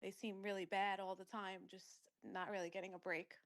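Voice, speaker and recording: A woman's voice: medium pitch, level tone, normal speed. A woman taking part in a live channeling call who sounds shy, hesitant and emotional. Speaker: session participant. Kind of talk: casual live video chat.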